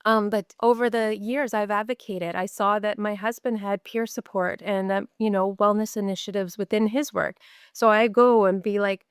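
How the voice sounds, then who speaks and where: A woman's voice: medium pitch, fairly even intonation, normal speed, clean tone, no echo, clean studio sound. A middle-aged woman from Canada, a mental health nurse, talking candidly in an interview and repeating words for emphasis. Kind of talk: podcast interview storytelling.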